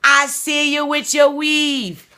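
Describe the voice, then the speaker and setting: A woman imitating an older woman pastor with a Trinidad and Tobago accent, preaching loudly about lifting up other women. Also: sits high, level tone, slow, voice pushed up, exaggerated voice. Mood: exhorting.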